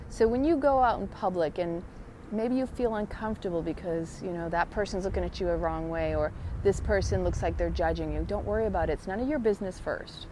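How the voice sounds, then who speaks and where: Woman, earnest, gentle, spiritual reflection, outdoor walk, faint traffic noise. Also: mid-range voice. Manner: gentle, earnest, spiritual self-help talk. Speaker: podcast host. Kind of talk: casual reflective monologue. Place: outdoors on a walking trail.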